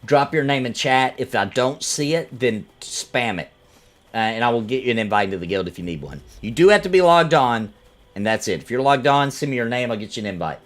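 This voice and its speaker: A man's voice: mid-range voice, a bit bright. A man live-streaming an online game, chatting casually and jokingly with his viewers and teasing things in the game. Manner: playful, jokey, talks to chat and his game. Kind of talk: casual live-stream chat while playing.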